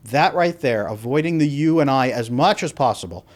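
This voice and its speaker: A man's voice: mid-range voice, moderate pace. A man speaking as an attachment coach, teaching how to give feedback and acting out sample dialogues as he goes. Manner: animated, acts out sample dialogues. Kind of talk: instructional talk to camera.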